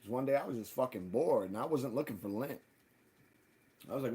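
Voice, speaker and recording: A man hosting a live stream, ranting in casual, profane talk and jumping loud and high when he quotes people. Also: expressive, brisk, long pauses. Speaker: livestream host.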